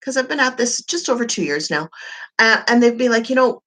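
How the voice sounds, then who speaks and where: A woman's voice: fairly high pitch, expressive, brisk, sharp tone. A woman life coach giving an emphatic, encouraging motivational talk to camera, full of rhetorical questions.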